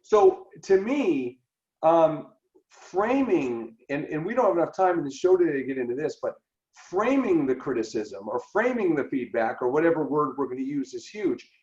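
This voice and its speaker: A man's voice: on the high side, moderate pace. A man co-hosting a podcast, his voice leaping up and down as he acts out bits of dialogue. The recording is roomy and dull, with a lo-fi edge. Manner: animated, acts out quoted dialogue. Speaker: podcast co-host. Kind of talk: conversational podcast discussion.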